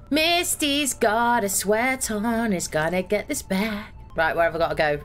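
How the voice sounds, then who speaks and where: A woman's voice: mid-range voice, measured pace, fairly bright tone, faint music behind. A young woman streaming a horror game, thinking aloud, swearing and getting exasperated. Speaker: gaming streamer. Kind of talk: live gameplay commentary.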